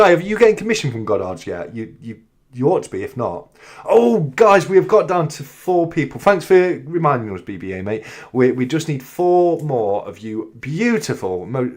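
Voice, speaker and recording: A man hosting a relaxed livestream, chatting through viewer comments in a friendly, easygoing way. His voice sits on the low side, with plenty of filler words between thoughts. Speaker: host. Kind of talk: casual livestream chat, reading comments.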